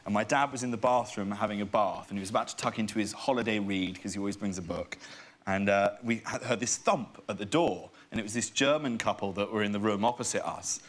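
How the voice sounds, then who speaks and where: A man's voice: fairly low pitch, fast talker. A young man, a comedian guest on a talk show, telling stories animatedly and self-mockingly. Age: young adult. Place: TV studio with audience.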